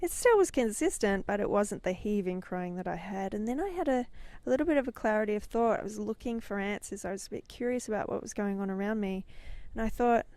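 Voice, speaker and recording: Speaking a little fast with few pauses, this middle-aged woman has a warm, mid-range voice with lively intonation. She hosts a podcast and mentors in business, and here she relives a personal story intensely and dramatically, her voice swelling as it builds to its peaks. The recording is dry.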